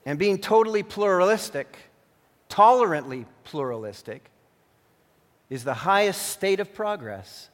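A male pastor preaches with earnest warnings and also narrates a storybook tale. His voice sits fairly high. A long hall reverb follows every phrase. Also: expressive, a little slow. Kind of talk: sermon.

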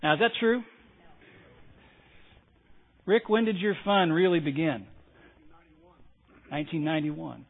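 A man's voice: on the high side, lively intonation, measured pace, creaky, long pauses. A male pastor preaching a sermon, emphatic, repeating key phrases and asking the congregation to respond. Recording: tinny phone-like sound.

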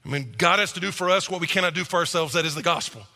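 Bright, gravelly-voiced pastor preaching. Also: male voice, a little high. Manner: animated, acts out quick quoted voices. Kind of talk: sermon. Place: church auditorium. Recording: reverberant church hall.

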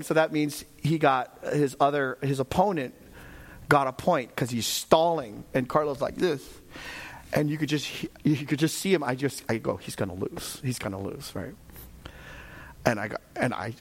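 Middle-aged male pastor, high voice, animated sermon storyteller who shouts for emphasis.

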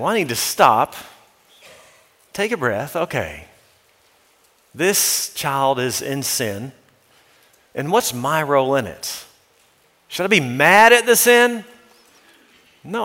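A man's voice: on the high side, pushed and bright, big-room sound. A man, a pastor with young children, preaching an earnest, practical sermon and quoting scripture as he goes. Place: church sanctuary.

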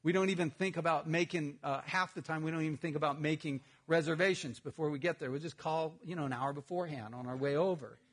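A middle-aged man, a pastor, preaching a sermon in a conversational, humorous storytelling manner with lively outbursts. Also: fairly high pitch, fast, few pauses.

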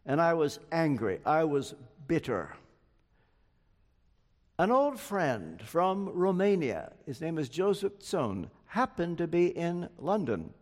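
An older man preaching a sermon in a large church hall, slow and earnest, telling personal stories. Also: fairly high pitch, very animated. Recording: long hall reverb.

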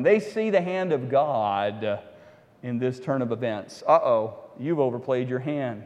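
A man preaching a sermon, retelling a Bible story with animated storytelling, acting out the characters and adding wry asides. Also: mid-range voice, unhurried, big-room sound, dull audio. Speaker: pastor.

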